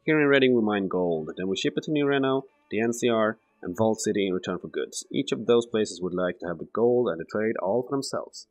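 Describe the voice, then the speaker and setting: A weary, jaded former saloon madam in a video game, her lines read aloud by a man. The voice stays low and unforced, with faint game music behind it. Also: animated, brisk, hardly any pauses, close to an everyday voice. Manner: reads game dialogue aloud.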